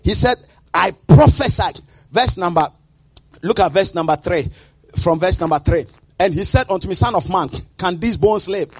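Male pastor, high voice with wildly swinging pitch, sing-song preaching with shouted bursts; dry close sound. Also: expressive, moderate pace, husky, no echo. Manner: emphatic preaching with sudden shouts; sing-song, rhythmic delivery. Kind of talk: sermon.

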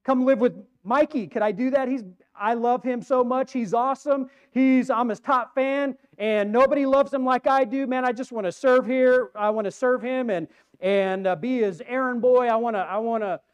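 A man's voice: very high voice, normal speed, clear, resonant tone, voice pushed up. A man voicing an overeager male superfan who begs at a gate in breathless, gushing pleas.

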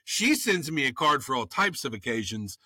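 A man co-hosting a podcast, talking loudly and teasing his co-host in casual chat. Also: medium pitch, normal speed, breathy edge, no echo, studio quality. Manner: loud, animated, teasing.

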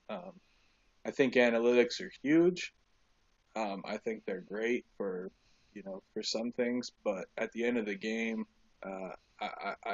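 A man co-hosting a casual sports podcast, an animated storyteller who uses many fillers and restarts. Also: lowish voice, no room sound, lo-fi sound. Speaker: podcast co-host.

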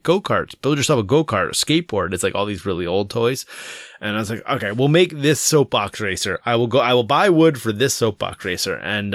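A middle-aged father tells a long, rambling story in casual chat and acts out the voices of his kids. His voice sits at an average pitch and sounds dry and close, with little room around it. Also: a bit bright, no echo. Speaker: parent.

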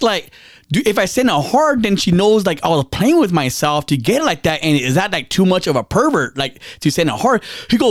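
A man hosts a podcast in loose, rambling chat, tripping over his words, repeating himself and cursing as he tells a story. His voice sits high for a man. The recording is dry, with no room sound. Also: sing-song, fairly quick, no echo. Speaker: podcast host. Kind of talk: casual chat.

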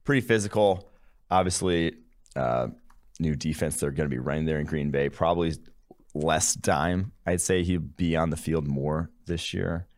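Guy with a really low voice, podcast cohost, dry jokes, very dead sounding room. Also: normal speed, dry recording. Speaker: podcast co-host. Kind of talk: casual podcast chat.

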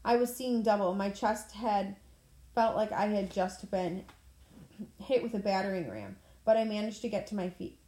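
A woman reading a novel aloud in a plain manner, now and then clearing her throat. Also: medium pitch, normal speed, dark tone. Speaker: audiobook reader. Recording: echoey room.

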